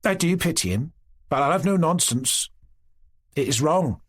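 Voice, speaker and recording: A man voicing a proud young Cossack girl who answers quietly, firmly and seriously. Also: fairly high pitch, expressive, moderate pace, slightly rough, dry recording, clean studio sound, voice pushed up.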